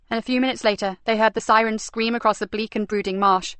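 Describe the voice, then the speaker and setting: A woman's voice: medium pitch, level tone, fast, few pauses, fairly bright tone, smooth, no echo. Woman narrating a crime audiobook, dry sound. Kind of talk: scripted narration.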